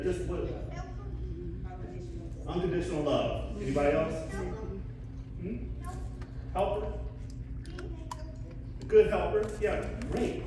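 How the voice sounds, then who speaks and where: A man's voice: mid-range voice, a little mellow. Casual man addressing a congregation in a big echoey church hall, mic from far off, room hum behind. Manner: conversational, folksy, asks the audience questions. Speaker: church speaker on Father's Day. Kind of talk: informal church talk with congregation participation.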